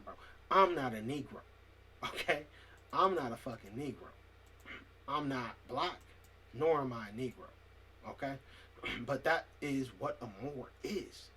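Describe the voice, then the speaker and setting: Husky man ranting, clearing his throat. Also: medium pitch, fairly bright tone. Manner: profane, heated, keeps clearing his throat; reads dictionary definitions aloud and argues with them. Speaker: vlogger. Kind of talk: angry ranting monologue.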